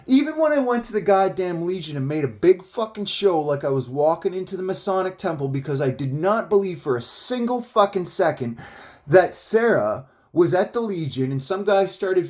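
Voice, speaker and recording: A man's voice: on the high side, darkish tone. Rambling, swearing man telling a story. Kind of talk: casual rambling monologue.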